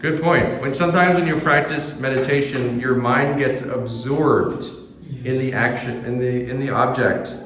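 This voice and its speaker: A man hosting a travel vlog, interviewing a staff member and teaching an English class in a relaxed, friendly way. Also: mid-range voice, normal speed, reverberant, poor audio. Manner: relaxed, friendly questioning with short backchannels.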